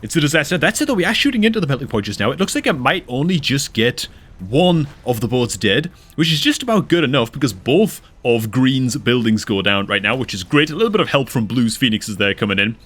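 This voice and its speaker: A man casting a replay of a strategy video game, excitable and quick to exclaim, often calling his listeners dude and man. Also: medium pitch, slightly rough. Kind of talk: excitable gameplay commentary.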